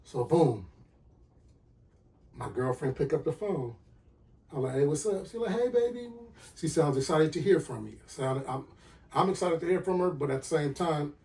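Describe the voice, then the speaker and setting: A man hosting a podcast, telling a personal story with lively acted-out dialogue and sound effects. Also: a little high, recorded from a distance. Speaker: podcast host.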